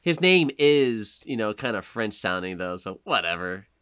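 A man co-hosting a podcast, chatting casually and animatedly, swearing and mocking things with quick impressions. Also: lowish voice, very animated, fairly bright tone, smooth, no room sound, studio quality. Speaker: podcast co-host. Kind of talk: casual chat.

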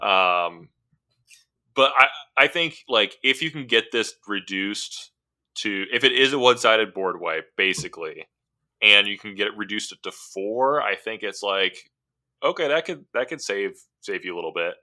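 A man's voice: fairly low pitch, expressive, moderate pace, bright, forceful tone. A young man co-hosting a casual card game chat, hesitant and full of fillers. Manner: hesitant, stacks fillers and repeats himself. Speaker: card game podcast co-host.

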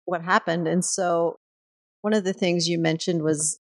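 A woman's voice: on the low side, flat delivery, measured pace. Woman host asking reflective questions. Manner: reflective, gentle questions with light laughs. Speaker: podcast host. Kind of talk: interview conversation.

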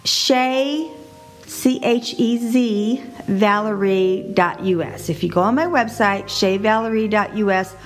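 A middle-aged woman hosting a casual solo podcast, chatty and animated, laughing often. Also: mid-range voice, measured pace, hardly any pauses, faint music behind. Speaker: podcast host.

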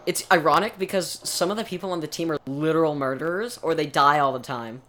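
A man's voice: a little high, a little fast, bright, forceful tone. A man co-hosting a podcast, chatting casually and rambling through explanations with many restarts. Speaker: podcast co-host. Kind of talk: casual chat.

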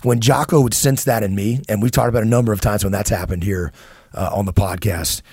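A man's voice: fairly low pitch, steady tone, a little fast, a little mellow, husky, no echo, clean studio sound. A man in his thirties co-hosting a podcast, talking earnestly in casual conversation, often restarting and repeating words. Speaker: podcast co-host.

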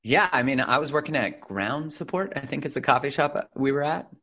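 A man's voice: mid-range voice, expressive, fairly quick, pushed and bright. A man hosting his own podcast, talking in a loose, enthusiastic and chatty way with plenty of fillers. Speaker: podcast host. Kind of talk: casual podcast chat.

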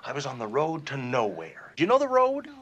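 A husky, petulant ranting exec. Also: male voice, on the high side, sing-song, a little fast, muffled recording, exaggerated voice. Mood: giddy, sarcastic. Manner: shouting, sarcastic, childish tantrum. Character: bitter middle-aged male executive, ranting, petulant. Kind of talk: film dialogue.

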